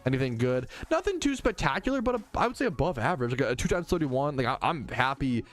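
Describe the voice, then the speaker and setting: A man's voice: mid-range voice, sing-song, quick pace, faint music behind. A young man streaming a game, chatting casually, swearing freely and reading out chat messages. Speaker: gaming streamer. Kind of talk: casual livestream commentary.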